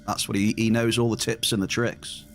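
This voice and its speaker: A man's voice: lowish voice, level tone, a little fast, slight background noise. Dry-humored man streaming a game. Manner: dry teasing, banters with chat. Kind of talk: casual live-stream chat with viewers.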